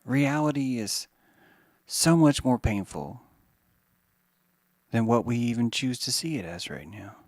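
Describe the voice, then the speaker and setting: A man hosting a podcast, rambling in a monologue that swings from hushed musing to mocking put-on voices, with some swearing. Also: mid-range voice, lively intonation, a little slow, pauses often, dry recording. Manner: profane. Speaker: podcast host.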